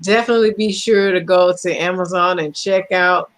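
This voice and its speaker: A woman's voice: lowish voice, steady tone, moderate pace. A woman guest co-author speaking carefully and gratefully in a casual online interview.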